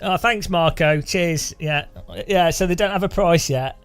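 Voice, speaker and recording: A man's voice: high-pitched, unhurried, clean tone, soft background music. A man from the UK hosting a game livestream, rambling and joking, often laughing, reading chat aloud. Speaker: game streamer.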